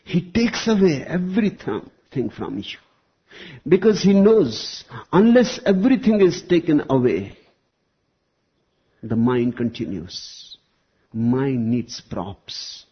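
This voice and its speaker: Slow, husky spiritual teacher. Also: male voice, mid-range voice, very animated. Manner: slow, deliberate, with long pauses. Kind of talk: spiritual discourse. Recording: dull lo-fi recording.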